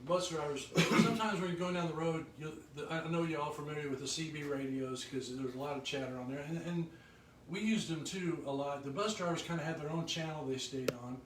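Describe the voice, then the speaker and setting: A man with a drawl spins loose, rambling stories from life on the road, his voice sitting a touch high. He sounds set back from the mic in a roomy, echoing space with a faint hum of ambience behind him. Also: brisk, distant mic. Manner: rambling, with lively acted quotes. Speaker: former touring musician telling road stories. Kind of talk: casual storytelling chat. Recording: echoey room, voice from off-mic.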